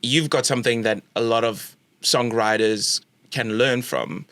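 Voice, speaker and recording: A man hosting a podcast, asking a guest thoughtful questions in a halting way. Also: mid-range voice, steady tone, a bit bright, no echo. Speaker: podcast host. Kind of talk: interviewing.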